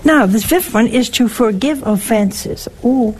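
A woman's voice: on the high side, a little slow, darkish tone, slight background noise, poor audio. A woman giving a spiritual teaching talk, wry and teasing, with emphatic turns. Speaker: religious speaker.

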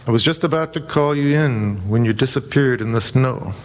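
A man voicing a kindly army sergeant who speaks gently and steadily. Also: mid-range voice, moderate pace, long reverb tail, close to an everyday voice. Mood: kind, puzzled.

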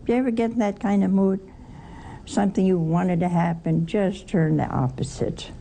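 A woman teaching a Bible study in a lively way, asking her listeners questions and adding wry humor. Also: mid-range voice, normal speed, vocal fry, slight background noise.

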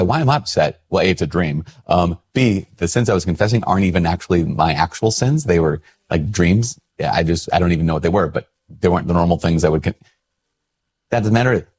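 A man's voice: sits low, darkish tone, breathy edge. A male priest in a casual, reflective talk to camera, chatty and self-deprecating as he tells a story.

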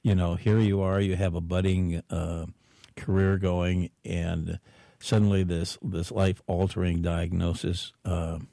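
A man hosting an interview, asking slow, measured questions. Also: low-pitched, flat delivery, gravelly, mellow, no echo, clean studio sound. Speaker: host.

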